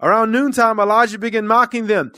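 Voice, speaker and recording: Man preaching, high voice, bright tense tone, dry close sound, earnest conversational sermon. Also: fairly even intonation, brisk, no echo. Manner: earnest, conversational preaching that swells into loud calls to the congregation. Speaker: church minister.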